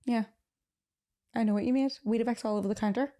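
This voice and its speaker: A young woman hosting a casual podcast chat with her boyfriend, talking in a teasing, animated way. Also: a little high, fast talker. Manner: chatty, teasing, animated storytelling. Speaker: podcast host.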